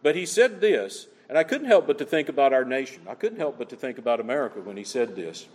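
Lively preaching man in a hall. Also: medium pitch, fast talker. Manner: animated preaching, rhetorical questions, reads scripture aloud. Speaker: pastor. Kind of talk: sermon.

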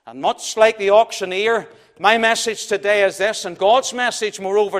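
A man preaching a sermon in a church, telling a story dramatically and swinging between loud and hushed delivery. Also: high-pitched, moderate pace, few pauses.

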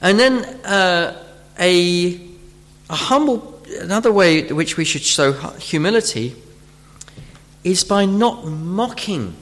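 Guy preaching a sermon, keeps repeating words, voice sits kinda high, echoey hall. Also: animated, a bit bright. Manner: halting, repeats words while searching for phrasing; acts out imagined speakers in the middle of teaching. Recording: long hall reverb.

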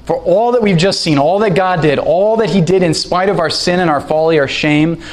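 A man's voice: fairly high pitch, moderate pace. A man preaching a sermon as pastor, earnest and rising in emphasis when quoting scripture.

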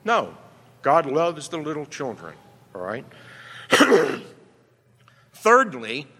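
A man's voice: fairly high pitch, huge pitch swings, slow pace, pushed and bright. A male pastor preaching a sermon emphatically, often checking in with "right?". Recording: long reverb from a hall.

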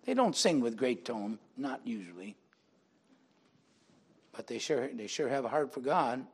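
A man's voice: medium pitch, big pitch swings, unhurried, breathy edge. An older man, a pastor, preaching a sermon and telling a personal testimony, acting out the people he quotes in dialogue and rising into emphatic preaching.

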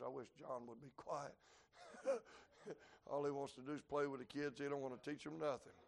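A man, preaching a sermon to a congregation. He moves between quiet, folksy asides and shouted climaxes. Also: a little high, creaky. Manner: folksy humor, plainspoken dialect. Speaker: traveling preacher. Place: church building before a congregation.

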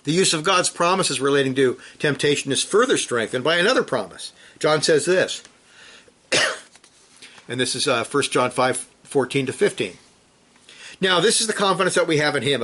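Fairly high-pitched and sharp, this male preacher speaks at a moderate pace with plenty of animation. His sermon is an urgent, earnest exhortation built on pointed rhetorical questions, and he reads scripture quotations aloud with building emphasis.

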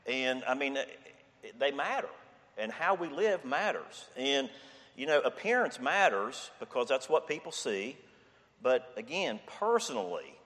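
A man preaching a sermon in a relaxed, conversational way, often checking in with "okay?". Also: medium pitch, unhurried. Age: 60s. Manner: conversational, repeats "okay?" and "I mean". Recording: long hall reverb.

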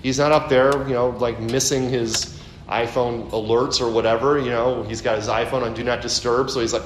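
Man preaching in an echoey room. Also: normal speed. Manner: conversational, with asides and rhetorical questions. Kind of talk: expository sermon. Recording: echoey room, faint background rumble.

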